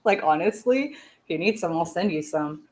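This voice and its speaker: A woman's voice: fairly low pitch, expressive, moderate pace. A woman from Canada chatting casually on a livestream, candid and ranting, speaking her mind. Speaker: streamer.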